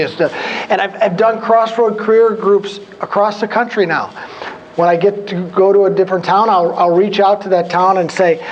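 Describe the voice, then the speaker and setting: A man's voice: sits high, normal speed, highs cut off, slight background noise. A man in his fifties giving a humorous workshop talk to a career group, telling stories and acting out his own past conversations. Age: 50s. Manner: animated storyteller who acts out his own past dialogue. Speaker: guest speaker at a career group.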